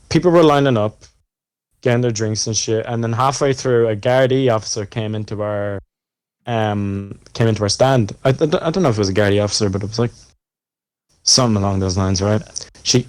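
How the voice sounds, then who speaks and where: A young Irish man talks in a casual podcast chat. He tells the story in a loose, rambling way, swears freely and fills the gaps with "like" and "um". His voice sits at an ordinary pitch for a man. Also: normal speed, darkish tone, clean tone, dry recording. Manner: rambling, profane storytelling full of fillers. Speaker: podcast co-host.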